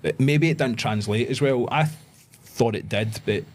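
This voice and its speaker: A Glaswegian man in his thirties, a pro wrestler, chatting as a guest and telling animated stories with plenty of swearing. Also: mid-range voice, normal speed. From Scotland. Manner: animated storyteller, swears, acts out voices in anecdotes. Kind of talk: casual storytelling chat.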